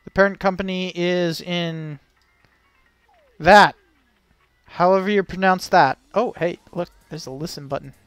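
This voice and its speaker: A man with a high, fairly bright voice reacts casually to a video on stream, keeping a measured pace and fairly even intonation. He rambles and jokes, laughing often and using lots of fillers. His tone is clean with no echo, and faint music plays behind him.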